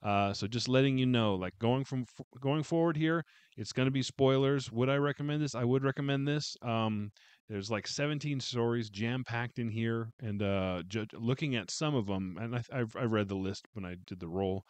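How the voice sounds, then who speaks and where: A man's voice: medium pitch, normal speed, clear, resonant tone, no echo. A man giving a casual, heartfelt book review, rambling with many fillers and restarts.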